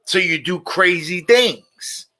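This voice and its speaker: A man's voice: high-pitched, slow pace, pushed and bright. A middle-aged man hosting a casual monologue show, blunt and opinionated, often repeating his points. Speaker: show host.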